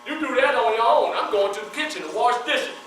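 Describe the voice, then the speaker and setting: A man voicing a big, strong kitchen worker who bluntly refuses an order, flat and dismissive. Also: very high-pitched, fairly quick. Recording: echoey hall from far off, mains hum.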